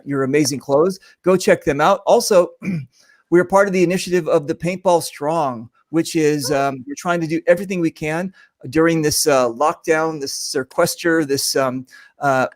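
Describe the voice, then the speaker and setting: A man's voice: on the high side, no room sound. Joking man hosting a video-call show. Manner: joking, rambling, many fillers. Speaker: host of a paintball talk show. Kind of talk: casual video-call chat.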